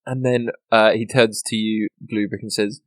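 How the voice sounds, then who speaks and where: A man's voice: fairly low pitch, little pitch movement, moderate pace, no room sound. A man narrating as game master of a tabletop role-play, laughing often and swearing casually.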